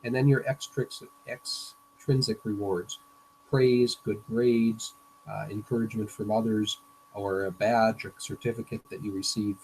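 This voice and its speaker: A man's voice: lowish voice, flat delivery, unhurried, a little mellow, a little hiss or hum, rough recording. A man, a business coach, giving a presentation lecture in a hesitant way, with frequent fillers and restarts.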